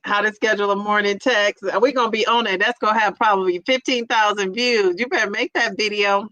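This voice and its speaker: A woman hosting a casual live chat stream, reading out viewer comments in a playful, excitable and teasing way. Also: a little high, fairly quick, dry recording, rough recording.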